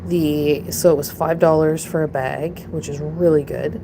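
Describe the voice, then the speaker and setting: A rambling, chatty woman with a lowish voice talks casually from her home, trailing off and laughing as she goes. A steady hiss of noise sits under her voice throughout. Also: unhurried. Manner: rambling, chatty, laughs often, coos at pets. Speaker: pet vlogger. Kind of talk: casual live chat with pets. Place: home, indoors.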